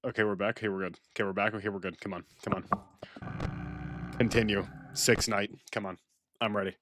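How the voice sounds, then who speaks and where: A man streaming a horror game live, rambling with repetitive, sarcastic mock calm as he talks to chat. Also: lowish voice, normal speed, background noise.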